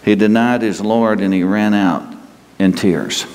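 A man preaching a sermon in a conversational way, asking his listeners questions and leaving pauses. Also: lowish voice, a little mellow, a little hiss or hum. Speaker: pastor. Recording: long hall reverb.

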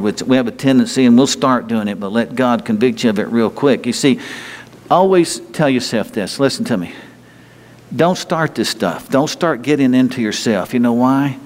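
A man preaching a sermon in an emphatic, conversational way, sometimes jumping into a high, whiny voice to mock complainers. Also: moderate pace. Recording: long hall reverb.

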